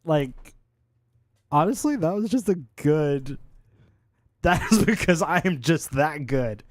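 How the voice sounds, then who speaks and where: A man's voice: on the high side, lively intonation, slow pace, dry recording, clean studio sound. A man co-hosting a live podcast, playful and rambling, riffing on wordplay. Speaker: podcast co-host. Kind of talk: casual chat.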